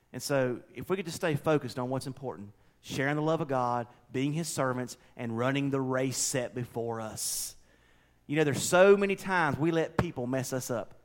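A middle-aged man preaching a folksy, conversational sermon, swinging between loud and quiet. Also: on the high side. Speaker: pastor.

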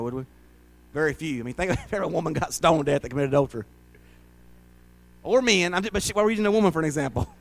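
A male pastor preaching a folksy, conversational sermon in a church, often rising to loud, dramatic shouts as he acts out a crowd. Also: on the high side, animated, very fast.

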